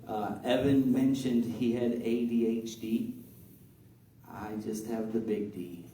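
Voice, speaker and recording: A man's voice: mid-range voice, fairly even intonation, slow, mellow, a little hiss or hum. A man doing stand-up with dry, self-deprecating banter aimed at the crowd. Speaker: stand-up comedian. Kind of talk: stand-up set. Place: comedy club room. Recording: roomy club sound from far off.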